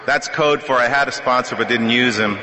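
At a recovery meeting, a middle-aged man gives personal testimony into a podium microphone, his medium-pitched voice piercingly bright and edgy. He talks briskly, telling his story conversationally and joking at his own expense. The meeting hall is echoey, and his words ring out with a long, lingering reverb.

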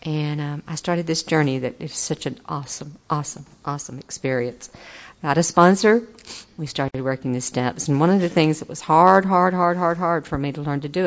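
A woman's voice: low-pitched, fairly quick, dull audio. An older woman giving an earnest, folksy personal testimony at a recovery meeting. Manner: earnest, folksy, turns enthusiastic and laughing.

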